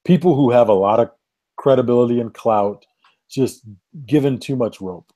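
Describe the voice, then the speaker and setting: A man weighs in on a movie podcast, building his point in a measured, thoughtful way. His voice is mid-pitched and mellow. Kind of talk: casual movie chat.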